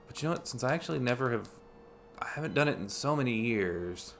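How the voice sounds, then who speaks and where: A man's voice: medium pitch, expressive, quick pace, gravelly, faint music behind. A man giving casual, chatty commentary while streaming a video game, thinking aloud with fillers and restarts. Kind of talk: casual let's-play commentary.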